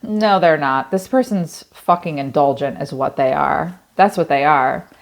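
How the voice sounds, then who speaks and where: A woman's voice: low voice, measured pace, vocal fry. A woman giving a tarot reading in a blunt, casual way, swearing freely and thinking aloud as she talks. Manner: conversational, thinking aloud with many "like" fillers. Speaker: tarot reader.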